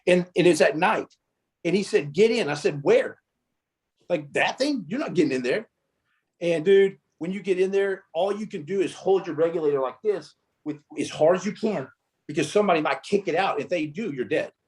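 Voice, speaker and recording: A former Navy SEAL, appearing as a guest in a casual interview, tells war stories with animation and acts out the quoted dialogue. His voice sits high and moves a little fast.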